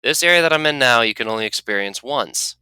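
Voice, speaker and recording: Lively chatty let's play host. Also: medium pitch, fast talker, a little hiss or hum. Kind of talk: casual gameplay commentary.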